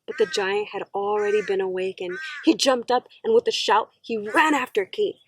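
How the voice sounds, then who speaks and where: A woman teacher reading a children's story aloud, slow, gentle and expressive. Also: mid-range voice, breathy edge, rough recording.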